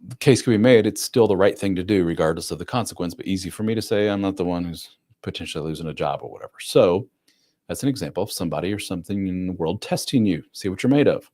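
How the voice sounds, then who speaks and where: Deep-voiced blunt man hosting a live stream. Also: darkish tone. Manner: blunt and conversational, with mild swearing; acts out other people's lines in quick voices. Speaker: host of a live advice stream for men. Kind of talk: casual live-stream advice talk.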